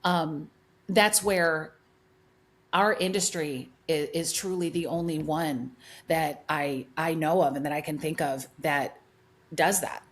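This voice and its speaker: A middle-aged woman with a fairly low voice tells stories with heavy emphasis, circling back to repeat her points. She talks as a hairdresser guest in a relaxed podcast chat. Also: takes it slowly. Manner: emphatic storyteller, many restarts and repeats. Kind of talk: animated podcast conversation.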